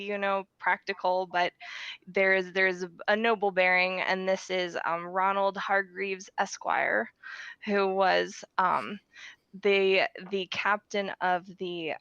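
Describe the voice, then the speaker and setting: A woman playing a tabletop game who describes her character slowly, searching for words with many fillers. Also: lowish voice, fairly bright tone, smooth, no echo, highs cut off. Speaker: player.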